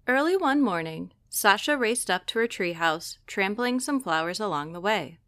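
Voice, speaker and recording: A woman librarian reading a children's picture book aloud with slow, expressive delivery. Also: mid-range voice, no echo, clean studio sound. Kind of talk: storybook read-aloud.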